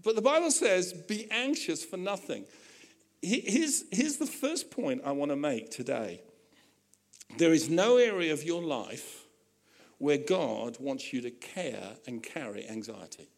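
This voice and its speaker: A man preaching to his congregation, his voice sitting high and swinging widely as he builds his points. He talks conversationally, slipping into joking asides and playful voices for the people in his stories. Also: a little slow, creaky. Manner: animated preaching with humorous asides. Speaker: pastor. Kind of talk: sermon.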